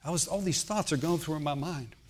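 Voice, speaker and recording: A man's voice: on the high side, brisk, a little mellow. A man preaching a sermon, telling a personal healing story and often asking the congregation "Amen?". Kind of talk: sermon testimony.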